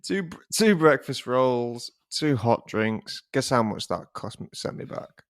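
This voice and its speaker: Animated man telling a story. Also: mid-range voice, measured pace, no echo, clean studio sound. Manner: animated storyteller, swears casually, acts out people's voices. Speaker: podcast co-host. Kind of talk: casual chat, telling a story.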